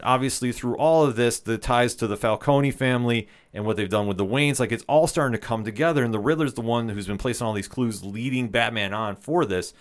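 A man hosting a casual film discussion podcast, steering the talk and putting questions to his co-hosts. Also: medium pitch.

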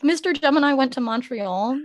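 A woman in her forties co-hosting a podcast, chatting casually in an animated way, laughing often and swearing freely. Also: high voice, moderate pace. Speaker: podcast co-host. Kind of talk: casual chat.

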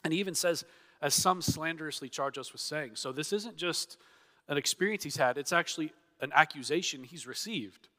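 Guy preaching a sermon, bright ringing voice, big echoey church hall. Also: a little high. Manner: earnest, emphatic, acts out quoted objections. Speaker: pastor. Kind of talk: expository sermon. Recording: long reverb of a church hall.

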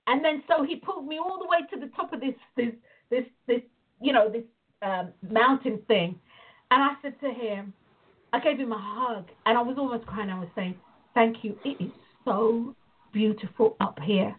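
A woman with a rather high, husky voice teaches in a loose, chatty way. She tells her stories with animation and acts out every quoted line. The sound comes through thin and tinny, like a phone line. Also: normal speed. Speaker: prayer and visualization teacher. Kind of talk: casual spoken teaching on a call.

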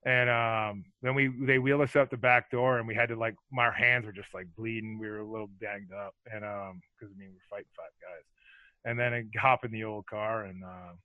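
A man's voice: lowish voice, fairly quick, no echo, narrow, tinny audio. A man telling rambling, profane stories in a casual chat, full of filler words and acted-out lines. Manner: animated, acts out other people's lines.

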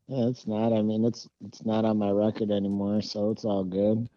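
A man's voice: on the low side, flat delivery, normal speed, mellow, no room sound, highs cut off. A man co-hosting a casual podcast, answering in a laid-back, brief way. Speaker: podcast co-host.

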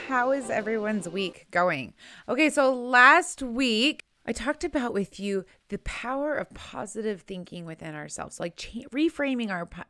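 A woman's voice: medium pitch, lively intonation, measured pace, sharp tone, no echo. Chatty young woman podcast host, dry. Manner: earnest and chatty, with many likes and rights. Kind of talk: personal podcast monologue.

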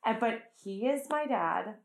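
A woman hosting a casual chat, talking freely with lots of "like"s and quick laughs. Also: on the high side, lively intonation, creaky, reverberant. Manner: chatty, full of "like" and quick laughs.

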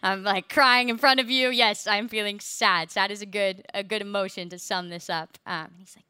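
A woman's voice: mid-range voice, steady tone, moderate pace, bright, forceful tone, clean tone, no echo, studio quality. A young woman earnestly sharing her personal faith testimony with a group, with many fillers. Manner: earnest, many fillers, laughs through hard parts.

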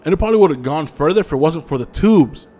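A man co-hosting a podcast, telling a story in casual chat, animated and profane, laughing often. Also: a little high, quick pace. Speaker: podcast co-host.

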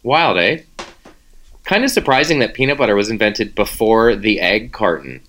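A man's voice: fairly low pitch, animated, normal speed, fairly bright tone. A man, co-hosting a casual chat and playfully quizzing his partner with trivia. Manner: playful, teasing quizmaster. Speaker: co-host running a trivia game.

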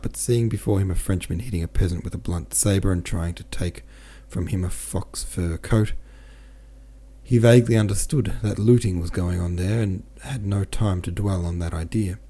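A man narrating a classic novel as an audiobook in a steady, measured reading. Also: on the low side.

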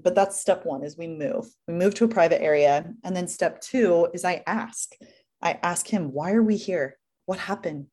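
A woman's voice: fairly low pitch, a little mellow. A young woman, a working mother, explaining her family routine step by step in an earnest, casual interview chat. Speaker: guest mother.

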